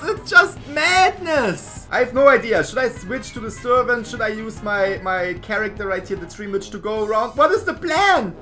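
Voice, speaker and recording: A woman narrates her own gameplay in a casual, excitable commentary, swinging between laughter and exasperation. Her voice sits high and bright, with a crisp edge. Faint game music plays underneath. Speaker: gaming YouTuber.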